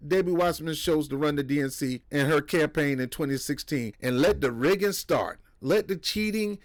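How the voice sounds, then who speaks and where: A man's voice: on the high side, moderate pace, no echo. Blunt trash-talking New man. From New York. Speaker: political commentator. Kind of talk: casual reaction commentary.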